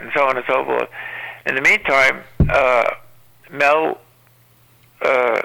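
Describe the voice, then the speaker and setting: Older guy rambling through old stories, gravelly and really bright-edged voice, lots of uh's. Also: mid-range voice, fairly even intonation, a little slow, pauses often, rough recording. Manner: rambling storyteller, many uh fillers. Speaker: guest actor. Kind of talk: anecdotal interview talk.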